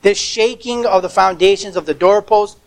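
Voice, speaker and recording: A man's voice: high voice, moderate pace, low-quality recording. A man preaching a sermon as pastor, emphatic, stressing words by repeating them, with occasional stumbles.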